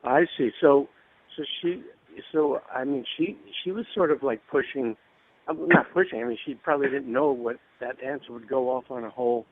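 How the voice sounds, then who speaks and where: Male interview guest, friendly, halting restarts, mid-pitched, tinny phone-line audio. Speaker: guest actor. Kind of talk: casual interview chat.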